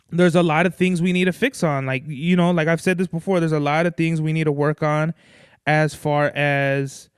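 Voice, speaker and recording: A young man rambles through a casual podcast chat, swearing freely and calling the listener bro. His voice sits fairly high and comes across smooth and clear. It is recorded close and dry, with no room sound. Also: no echo. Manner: loose, profane, rambling, says bro. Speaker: podcast host.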